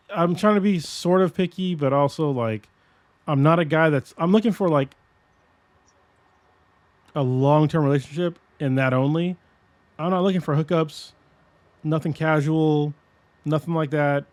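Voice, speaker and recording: A man in his forties hosts a podcast of casual chat, rambling, animated and swearing a lot, with many restarts to his sentences. His voice is fairly high and unhurried, with frequent pauses, in a dry recording.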